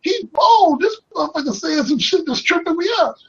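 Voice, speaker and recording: Man putting on a disbelieving husband, voice pitched high and excited, slangy and loud, on muffled lo-fi audio. He sounds amazed. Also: moderate pace, exaggerated voice.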